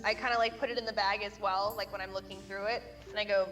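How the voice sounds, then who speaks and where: A woman's voice: medium pitch, steady tone, fast, fairly bright tone, soft background music. A woman playing a tabletop game, chattily describing what her character does, full of "like" and "kinda". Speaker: player. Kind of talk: casual tabletop role-play.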